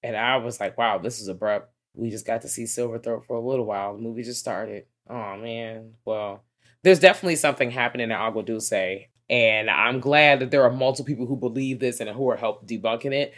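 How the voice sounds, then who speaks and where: Animated woman reviewing a film. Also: a bass voice, fairly quick. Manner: animated, swears freely, quoting her own reactions. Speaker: podcast co-host. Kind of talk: casual chat reviewing a film.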